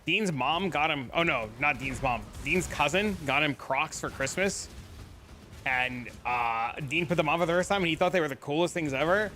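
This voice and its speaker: A man's voice: on the high side, normal speed, a little hiss or hum. A man in his thirties streaming a video game, chatting casually with viewers and swearing freely. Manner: animated, profane, chatty with viewers. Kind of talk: casual gaming livestream chat.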